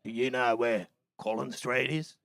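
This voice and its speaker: A man's voice: medium pitch, steady tone, measured pace, gravelly, a bit bright, dry recording, voice pushed down. A man voicing a blunt, mocking Australian man with an Australian accent, in a stand-up set.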